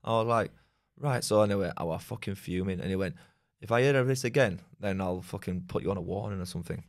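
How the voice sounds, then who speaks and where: A man, telling rambling, sweary stories as a podcast guest. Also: low-pitched. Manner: fast, rambling, swears often, laughs. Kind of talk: casual storytelling chat.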